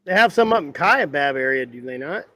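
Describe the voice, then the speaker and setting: A man in casual conversation who mostly reacts and asks short questions. His voice sits high, and it is recorded dry and close. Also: animated, brisk, bright, forceful tone, no echo. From Arizona. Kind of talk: casual chat.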